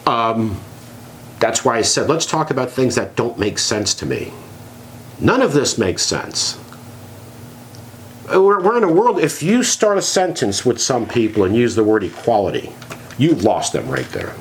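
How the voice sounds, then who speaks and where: Sarcastic and animated, a man rants his way through casual chat as a podcast co-host. His pitch is medium, his delivery a bit slow, and there's slight background noise.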